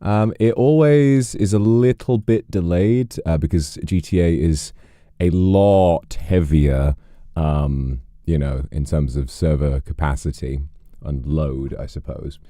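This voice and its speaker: Deep, dark-voiced male streamer. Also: slow pace, dry recording, studio quality. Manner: rambling, many fillers and restarts. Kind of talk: casual chat with viewers.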